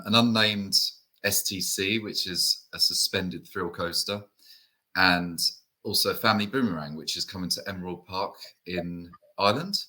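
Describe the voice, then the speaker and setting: Deep-voiced British man chatting casually. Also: sharp tone, rough recording. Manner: chatty, lots of fillers and tag questions. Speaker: co-host. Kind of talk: casual enthusiast chat.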